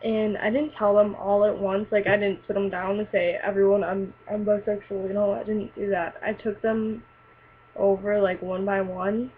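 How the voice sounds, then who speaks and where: A woman's voice: medium pitch, flat delivery, moderate pace. A teenage girl telling a personal story in a casual, rambling way, full of fillers and likes. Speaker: vlogger. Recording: tinny lo-fi webcam audio with faint hiss.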